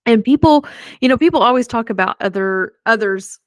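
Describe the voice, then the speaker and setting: A middle-aged woman hosting a podcast, telling a personal story in a chatty, animated way with self-deprecating humor. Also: a little high, fairly quick, dry recording, clean studio sound. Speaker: podcast host. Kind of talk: casual storytelling.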